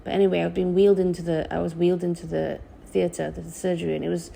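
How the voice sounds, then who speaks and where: A young woman telling a personal story in a halting, emotional way, with many restarts. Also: lowish voice, little pitch movement, gravelly, dark tone, slight background noise. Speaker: vlogger.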